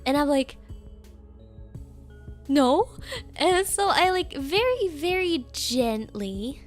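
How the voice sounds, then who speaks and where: A young woman streamer telling a rambling story in casual chat, giggling often and filling pauses with ums. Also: high-pitched, lively intonation, faint music behind.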